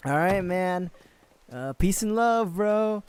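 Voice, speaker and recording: A streamer slipping into a laid-back surfer dude with a lazy surfer drawl. He sounds higher than usual and drags out every easygoing "bro". Every line comes out chill and friendly. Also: animated, darkish tone, clear, resonant tone. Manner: drawn-out, chill, ends lines with "man" and "bro".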